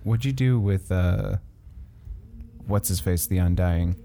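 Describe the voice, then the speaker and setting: Man, tabletop player, blunt and swearing, low pitch, mellow tone. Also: takes it slowly, vocal fry, a little hiss or hum. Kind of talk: casual tabletop play.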